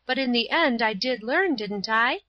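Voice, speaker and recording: A woman voicing a kind, patient young woman who speaks softly and sympathetically, a little timid. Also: on the high side, lively intonation, moderate pace, dry recording, pitched above the performer's own voice. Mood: insistent. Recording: dull lo-fi recording.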